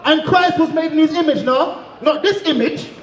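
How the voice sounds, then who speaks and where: A man preaching to a crowd in the street, shouting and calling on listeners to answer, asking again and again if they understand. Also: very high-pitched, moderate pace. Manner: repeats "you understand?". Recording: echoey, crowd noise behind.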